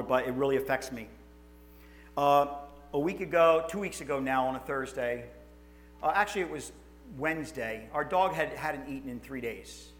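A man, a pastor telling stories in a sermon with animated, emotional delivery, acting out quotes and restarting his sentences. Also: medium pitch. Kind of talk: sermon storytelling.

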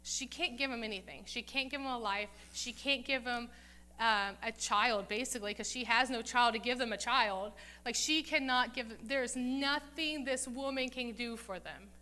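A woman gives a casual sermon, walking through a Bible story in everyday talk. Her voice sits a little high and sounds bright. She slips into the characters' voices as she goes. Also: normal speed. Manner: chatty, acts out the characters' lines with "like". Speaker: Bible teacher.

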